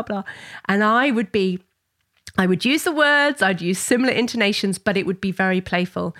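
A middle-aged woman talks parents through everyday situations at an easy conversational pace. Her voice sits at a medium pitch, and she explains things plainly and in a personal way, like a parenting educator speaking to camera. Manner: warm conversational explaining, acts out child voices in high pitch. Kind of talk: talking-head parenting advice.

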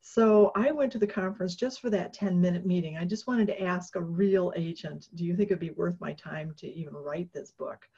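A woman guest in an interview, telling a personal story in a casual, animated way with many fillers and restarts, often laughing. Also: lowish voice, normal speed, hardly any pauses, breathy edge. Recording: dull lo-fi recording.

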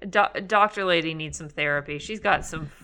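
A woman's voice: sits low, normal speed, sharp tone, smooth. A woman co-hosting a podcast who reacts with gasps, sarcastic remarks and swearing in casual chat.

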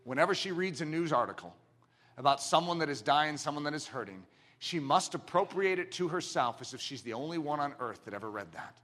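A middle-aged man preaching a sermon with passion, moving from quiet, close talk to shouting. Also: on the high side, animated, a little fast. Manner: impassioned, swings from quiet intimacy to shouting.

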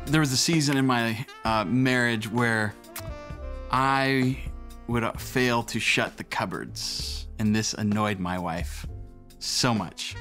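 Young male pastor, mid-pitched, casual storytelling sermon delivery. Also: slow pace, bright, forceful tone, soft background music. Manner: conversational storytelling with acted quotes.

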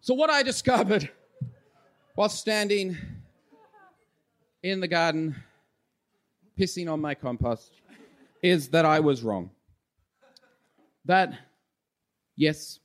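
A man gives a live comic debate speech in a mock-earnest tone. He rambles and stumbles on purpose, with a voice sitting a touch high. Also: lively intonation, takes it slowly, long pauses. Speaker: comedy debater.

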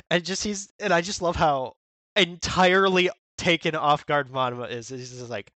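A man with a bright, forceful voice chatting casually as a podcast co-host. He gets animated and slips into playful character voices when quoting scenes. The recording is close and dry. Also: on the high side, normal speed, no room sound. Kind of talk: casual chat.

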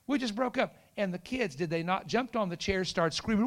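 A middle-aged man preaches a storytelling sermon in a high-pitched voice, moving quickly with hardly any pauses. He's animated, acting out the voices of the people in his story and shouting the punchlines.

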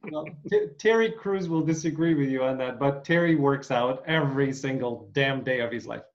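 A man's voice: mid-range voice, normal speed, dull audio. A man hosting a casual interview, easygoing and joking as he asks questions. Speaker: host.

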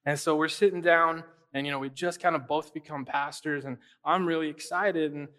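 A young adult man preaching as a pastor, telling a personal story in a relaxed, conversational way, often using fillers and asking "right?". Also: a little high, moderate pace. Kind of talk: casual storytelling sermon.

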